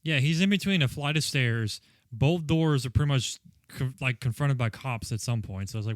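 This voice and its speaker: A man's voice: medium pitch, normal speed, dry recording, clean studio sound. A man co-hosting a podcast, mocking an old video with sarcastic, profane remarks. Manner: sarcastic, profane, mimics characters. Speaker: podcast co-host. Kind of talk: casual movie-riffing chat.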